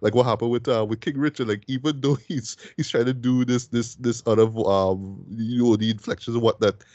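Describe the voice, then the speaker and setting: A man co-hosting a podcast film review at a middle pitch, chatting casually. He keeps tagging his phrases with "right?" and stumbles through restarts. The mic is close and dry. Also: fairly even intonation, a little fast, a little mellow, no echo, highs cut off. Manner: repeats "right?" often, restarts words.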